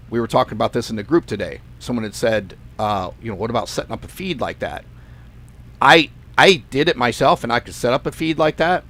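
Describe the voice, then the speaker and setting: A man's voice: medium pitch, fairly bright tone. A man hosting a trading channel talks through his screen in a loose, offhand way. He rambles casually and hammers points by repeating words. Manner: chatty, emphatic repetition, loose and offhand. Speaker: forex trading channel host. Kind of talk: casual live screen-share walkthrough.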